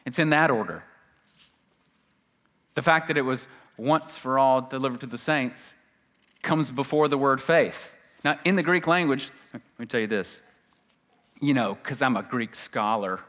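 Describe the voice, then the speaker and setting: Male pastor, mid-range voice, conversational sermon with self-deprecating humor, slows to stress key phrases; long hall reverb. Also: medium pitch, animated, fairly bright tone. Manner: conversational teaching with self-deprecating jokes and mocking asides.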